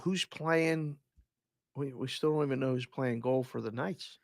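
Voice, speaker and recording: A man co-hosting a sports podcast, a former player and youth coach, explaining hockey in a measured, wry way. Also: medium pitch, vocal fry, darkish tone, no room sound, studio quality. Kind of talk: casual sports talk.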